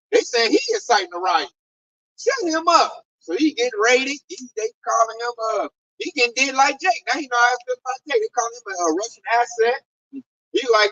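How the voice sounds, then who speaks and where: A man's voice: very high-pitched, lively intonation, brisk, bright, forceful tone, no echo, recorded from a distance, highs cut off. A man preaching and explaining scripture in a casual, streetwise way, with scornful asides. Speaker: Bible teacher.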